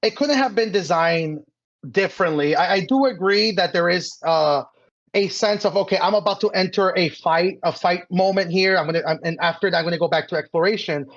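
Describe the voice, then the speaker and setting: A man's voice: sits high, a little fast, a bit bright, lo-fi sound. A man co-hosting a podcast, speaking earnestly in casual chat and stumbling over repeated restarts. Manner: stammering restarts, earnest, defends his view. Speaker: podcast co-host.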